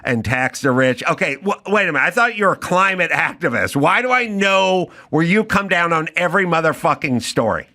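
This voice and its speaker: A man's voice: a little high, animated, brisk, hardly any pauses, sharp tone. Sarcastic ranting male podcast host. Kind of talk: comedic podcast rant.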